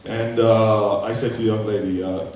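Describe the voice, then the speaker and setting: An animated man in his fifties tells a story as a panel guest, acting out the voices of people he quotes. His voice has a slightly low pitch. It comes from far off the mic and echoes around a big hall, with faint noise behind it. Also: moderate pace. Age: 50s. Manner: animated, acting out quoted lines, laughing often. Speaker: guest actor. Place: festival event hall.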